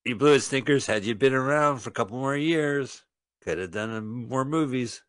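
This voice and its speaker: A man's voice: mid-range voice, moderate pace, clear, resonant tone. A man co-hosting a podcast, making casual wisecracks and goofy bits about a bad movie. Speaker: podcast co-host. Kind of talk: casual movie-riff chat.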